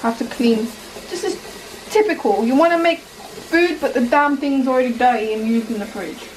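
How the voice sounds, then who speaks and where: A woman's voice: high-pitched, normal speed. A young woman chatting casually while she cooks at home, bubbly and rambling, filmed on a handheld phone. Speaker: cooking vlogger. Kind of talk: casual cooking vlog chat. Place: home kitchen. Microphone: handheld phone camera. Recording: noisy home kitchen recording.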